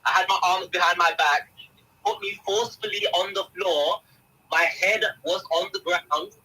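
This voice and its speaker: A young man with a husky, strikingly bright voice, giving an intense and agitated first-person account as an interview guest. He sits slightly high for a man. He keeps turning to the host and calling her by name. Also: steady tone, moderate pace, poor audio.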